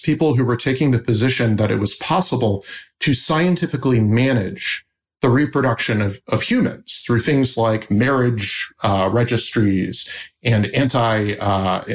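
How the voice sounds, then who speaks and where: A man's voice: mid-range voice, gravelly. A man answering as a researcher guest, explaining in a thoughtful, lecturing way and checking in with "right?".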